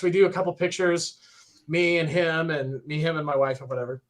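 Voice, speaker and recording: A young man telling a story in a casual, excited way on a podcast livestream, full of fillers and acted-out quotes. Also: on the high side, quick pace. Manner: excited, animated retelling with many fillers. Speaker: podcast co-host.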